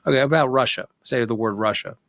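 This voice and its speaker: A male host runs his guest through rapid-fire word prompts, often stuttering on his first words. His voice is mid-pitched and the recording is dry, with little room sound. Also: a bit bright, no room sound. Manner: quick rapid-fire prompts, stammering restarts. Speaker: podcast host. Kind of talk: casual interview.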